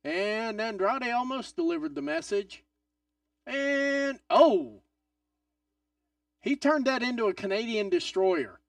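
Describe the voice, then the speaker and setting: A man hosting a live wrestling watch-along stream, excitable and swearing, swinging from loud outbursts to mutters. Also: very high voice, unhurried, vocal fry, no room sound, recorded from a distance.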